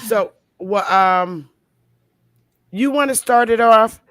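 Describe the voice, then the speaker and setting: Woman host, slow easy talk, laughs a lot. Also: fairly high pitch, a bit bright. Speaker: channel host. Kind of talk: casual panel chat.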